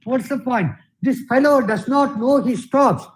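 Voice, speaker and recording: A man's voice: extremely high pitch, measured pace, slight background noise, rough recording. A middle-aged man giving a workshop lecture on voice training, repeating his phrases and often saying "you see". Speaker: guest speaker, theatre director and English professor.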